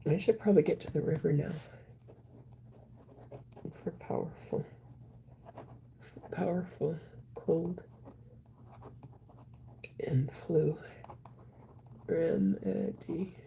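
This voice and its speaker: A woman casually chatting on a live stream, reading viewer comments aloud in a soft voice that often drops to a whisper. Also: low voice, takes it slowly, vocal fry, long pauses, slight background noise.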